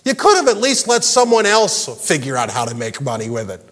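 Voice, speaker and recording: A man preaching a sermon as pastor, animated and jokey, acting out the characters' lines. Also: a little high, fairly quick, long reverb tail. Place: large church hall.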